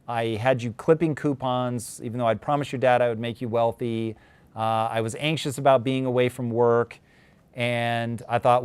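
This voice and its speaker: A man's voice: mid-range voice, a little slow, a little mellow, clear, resonant tone. A man in his forties hosting a casual livestream, talking candidly and reflectively about his marriage. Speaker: host.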